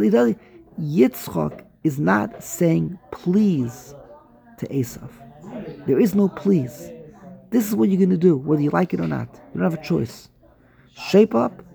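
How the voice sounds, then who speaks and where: Gravelly-voiced man teaching a text class. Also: fairly high pitch. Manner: animated, repetitive, acts out the dialogue. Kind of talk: explaining scripture commentary.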